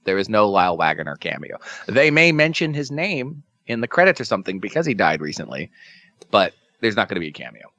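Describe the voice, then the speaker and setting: A man co-hosting a podcast in casual comedic chat, joking and cursing and drifting into quick tangents. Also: on the low side, big pitch swings, pushed and bright, no echo. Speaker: podcast co-host.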